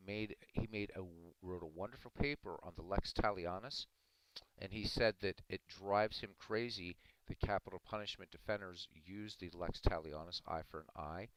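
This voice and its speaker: Deep-voiced man arguing with his chat. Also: fairly bright tone, no room sound, low-quality recording. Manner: earnest, argumentative, addressing chat by name. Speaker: livestream host talking to chat. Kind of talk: casual live-stream commentary.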